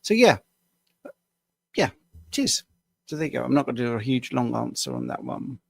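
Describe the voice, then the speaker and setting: Worn out from hours on screen, this British health coach fields viewer questions on his live stream in a loose, rambling way, laughing at himself now and then. He speaks at a moderate pace with a sing-song, medium-pitched voice and vocal fry. Slight hiss or hum sits in the background.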